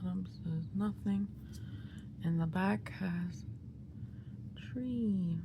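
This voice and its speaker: Giggly excitable woman with a gravelly voice. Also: fairly low pitch, extremely slow, noisy background. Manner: excitable, gushing, giggly, often half-whispered. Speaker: vlogger unboxing albums. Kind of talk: casual unboxing chat.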